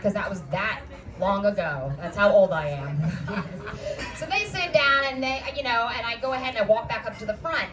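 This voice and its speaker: A woman's voice: a little high, animated, moderate pace. Brash, profane woman doing stand-up. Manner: brash, profane, self-mocking storytelling. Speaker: stand-up comic. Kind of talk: stand-up set at an open mic. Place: club stage. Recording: distant mic, live crowd laughter.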